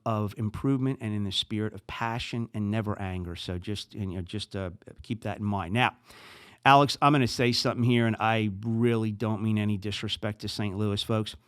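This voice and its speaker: Excitable New Jersey man hosting a podcast. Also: on the low side, no echo, studio quality. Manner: animated, excitable, talks with his hands. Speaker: podcast host. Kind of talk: casual chat.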